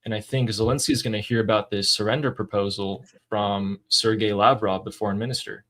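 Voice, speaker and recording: A man's voice: on the low side, steady tone, fairly quick, a bit bright. A man co-hosting a political commentary show, explaining the news in a casual, emphatic way.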